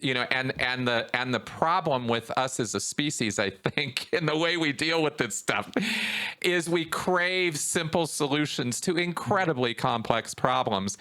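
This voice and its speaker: Animated, bright-voiced male podcast host. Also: mid-range voice, measured pace, clear, resonant tone. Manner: animated, voice rises when riled up. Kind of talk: conversational podcast interview.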